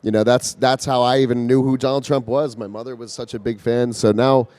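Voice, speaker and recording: Mellow-voiced man in rambling chat. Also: mid-range voice, fairly even intonation, dry recording. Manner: rambling, halting with restarts. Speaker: interview guest. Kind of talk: casual conversation. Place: convention floor.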